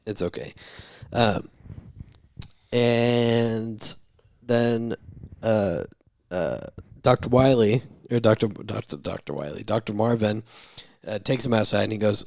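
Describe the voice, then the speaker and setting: A man co-hosting a movie review podcast, recapping the plot with animated, chatty energy. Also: fairly low pitch, takes it slowly, vocal fry, pauses often, no echo, clean studio sound. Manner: animated retelling with laughs. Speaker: podcast co-host. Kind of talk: casual movie review chat.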